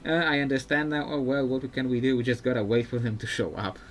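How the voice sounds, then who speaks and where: A man's voice: medium pitch, steady tone, fast. A man streaming live gameplay commentary, chatty and thinking aloud with frequent fillers. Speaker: streamer playing a video game.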